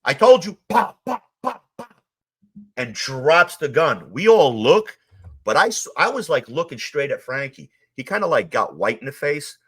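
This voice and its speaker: A man from Queens, telling stories in a casual interview, animated and acting out the quotes of others. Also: on the high side, measured pace, slightly rough. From Queens, New York. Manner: animated, acts out quotes, swears. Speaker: guest, former mob associate.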